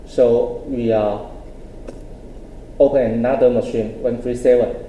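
Man, conference presenter, technical talk, halting, restarts phrases, very mellow dark tone. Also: mid-range voice, steady tone, a little hiss or hum, low-quality recording. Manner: explaining step by step. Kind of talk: technical presentation with live demo.

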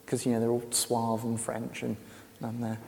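A man with an English accent talks to an audience in a chatty, self-deprecating way, often stumbling and restarting as he goes. His voice is mellow and gravelly with a dark tone. The sound rings with the long reverb of a large hall. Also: medium pitch, monotone, moderate pace. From England. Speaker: speaker. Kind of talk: casual presentation to an audience.

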